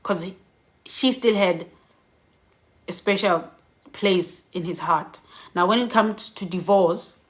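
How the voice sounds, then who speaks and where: A woman's voice: on the low side, slow, long pauses. Candid woman giving heartfelt advice. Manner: candid, reflective, laughs between points. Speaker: vlogger. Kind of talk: personal advice vlog.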